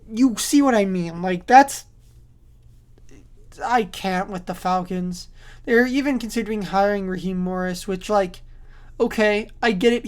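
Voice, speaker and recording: A woman hosting a sports podcast on her own, talking in a casual, opinionated way. She rambles and restarts her sentences, leaning on lots of fillers, and sounds sleepy, yawning between points. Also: mid-range voice. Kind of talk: casual solo sports commentary.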